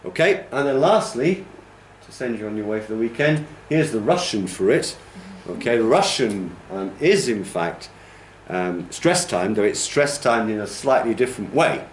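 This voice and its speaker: Patiently lecturing a class, a male teacher trainer demonstrates rhythms through humming and counting, pausing only to ask "okay?". He speaks expressively in a low-ish voice at a moderate pace, with hardly any pauses, in a roomy space with slight background noise.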